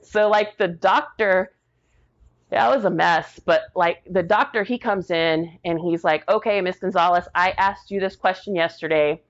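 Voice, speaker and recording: A woman's voice: on the low side, measured pace, muffled recording. A middle-aged woman guest telling a personal story with strong feeling. She talks casually, full of fillers, and acts out the quoted dialogue. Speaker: podcast guest.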